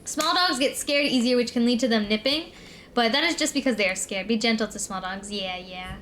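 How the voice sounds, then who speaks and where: High-voiced young woman rambling casually. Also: a little fast, a bit bright, a little hiss or hum. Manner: rambling, filler-heavy storytelling. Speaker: streamer. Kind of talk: casual chat.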